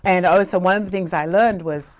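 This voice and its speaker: A woman's voice: fairly low pitch, a little fast. A woman life coach telling a personal story in a conversational way, often checking in with "right?". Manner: conversational, often asks "right?", acts out quoted voices.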